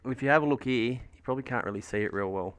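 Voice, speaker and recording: A fast-talking Australian streamer with a medium-pitched, fairly bright voice paints miniatures from home. He chats casually, rambling through a story packed with swearing and fillers.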